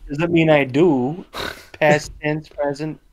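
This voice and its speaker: A man on a casual podcast, dropping deadpan, crude one-liners. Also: fairly high pitch, very slow, lo-fi sound. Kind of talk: casual chat.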